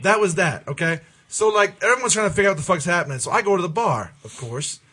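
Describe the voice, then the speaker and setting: A man telling a profane story in loud, joking group banter. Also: high voice, lively intonation, quick pace, slightly rough. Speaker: podcast co-host.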